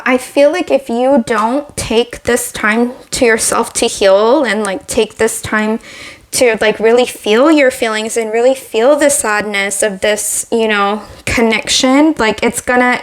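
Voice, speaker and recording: A woman's voice: a little high, a little slow. A woman giving a casual tarot reading, slightly out of breath, rambling with lots of "like" and restarts. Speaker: tarot reader.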